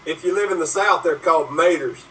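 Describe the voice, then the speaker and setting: A man's voice: fairly high pitch, quick pace, recorded from a distance, over a noisy crowd, low-quality recording. A man playing in an improvised comedy scene, switching playfully between characters. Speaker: improv performer.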